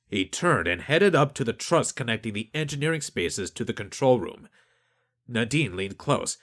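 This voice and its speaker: A man narrating a science fiction audiobook in an expressive storytelling manner. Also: mid-range voice, moderate pace. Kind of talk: scripted narration.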